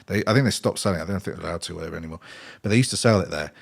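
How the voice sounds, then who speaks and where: A man's voice: deep voice, very fast, vocal fry. A man, a podcast guest chatting casually and acting out his stories with frequent laughs. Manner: animated storyteller, acts out scenes, laughs often.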